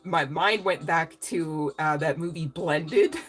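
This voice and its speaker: A woman's voice: fairly low pitch, animated, a little slow, slightly rough, faint music behind. A woman doing a casual tarot reading to camera, rambling, chatty and emotional, with some casual swearing. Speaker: tarot reader.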